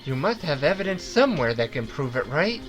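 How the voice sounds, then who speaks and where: A woman voicing a calm, encouraging woman lawyer mentor in a fan voice-over of a game, with a steady coaching tone. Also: deep voice, fairly quick. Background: game music.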